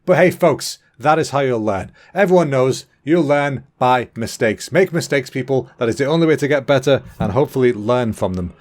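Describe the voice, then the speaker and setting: A man's voice: medium pitch, expressive, moderate pace, few pauses, a little mellow. A man with an English accent hosting a solo comedy podcast, rambling cheekily and swearing freely, often stopping to correct himself. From England. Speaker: podcast host.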